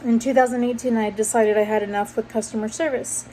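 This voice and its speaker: A woman's voice: on the high side, steady tone, fast talker, warm tone, low-quality recording. A young woman vlogger casually telling a personal story, rambling and correcting herself as she goes. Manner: rambling, self-correcting, conversational. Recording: faint background noise.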